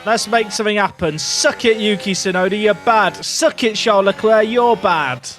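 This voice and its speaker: A young man live-streaming a racing game, excitable and jokey, shouting at the screen between commentary. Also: sits high, moderate pace, faint music behind.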